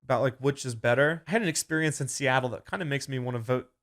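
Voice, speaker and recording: A young man co-hosting a podcast, telling a story in a relaxed way and acting out quotes with sudden loud outbursts. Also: mid-range voice, fast talker. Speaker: podcast co-host. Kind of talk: casual chat.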